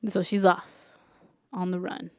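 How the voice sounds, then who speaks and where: Young woman, podcast co-host, casual recap; smooth clear voice, dry close sound, chatty "like"-heavy delivery. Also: on the low side, little pitch movement, unhurried, mellow, dry recording. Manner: chatty, lots of "like", acts out characters' lines.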